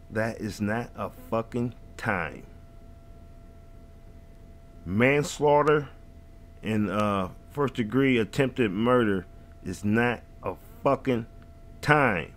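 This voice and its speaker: A man's voice: fairly low pitch, expressive, slow, pauses often. A man hosting a reaction video, ranting in heated, profane, rambling casual commentary.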